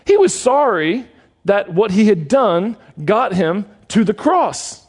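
A man's voice: high voice, darkish tone. A male preacher delivering a sermon in an earnest way, repeating words for emphasis.

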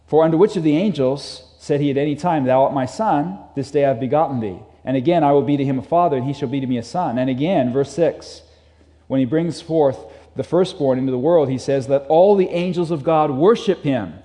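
Male preacher, slightly high voice, mellow timbre, emphatic sermon delivery, long hall reverb. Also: a little fast. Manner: emphatic, repeats key phrases.

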